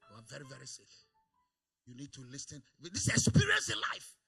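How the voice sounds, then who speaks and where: A man preaching a sermon in a church service, calling for amens and swinging between quiet asides and loud exclamations. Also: mid-range voice, huge pitch swings, fairly quick, gravelly, slightly rough. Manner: calls for amens from the congregation. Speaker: pastor.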